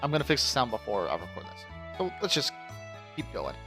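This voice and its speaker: A man's voice: medium pitch, wildly swooping pitch, fairly quick, music in the background. A man giving casual, joking let's play commentary, swearing freely and laughing often. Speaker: gamer.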